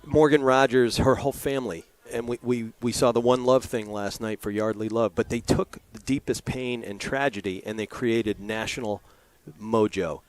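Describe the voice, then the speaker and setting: A man's voice: medium pitch, steady tone, moderate pace, few pauses, no echo. A man from Maryland doing color commentary at a lacrosse game, talking in a chatty, earnest way with lots of fillers and asides. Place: press booth at a lacrosse game.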